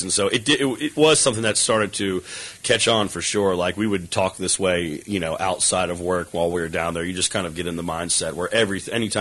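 Deep-voiced man rambling through interview answers. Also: low-quality recording. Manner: relaxed, rambling, heavy with fillers like "you know". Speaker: actor and co-writer being interviewed.

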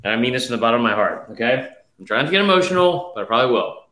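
A man's voice: mid-range voice, very animated, very fast, pushed and bright. A man talks casually on a sports podcast, rambling and cursing freely as he builds a mock-emotional speech. His voice sits in the middle of the male range and bounces around a noticeably echoey room. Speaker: podcast co-host. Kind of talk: casual sports betting chat.

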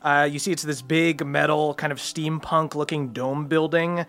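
A man's voice: on the high side, little pitch movement, fairly bright tone. Man narrating as game master. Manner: brisk descriptive narration.

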